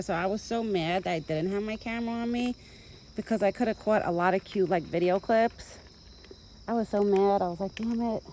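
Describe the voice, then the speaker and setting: A woman's voice: mid-range voice, mellow, slight background noise, low-quality recording. A young woman chatting casually to her phone camera outdoors in a rural yard while she feeds a deer, rambling and talking fondly to the animal. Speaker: vlogger feeding a backyard deer. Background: insects and countryside ambience.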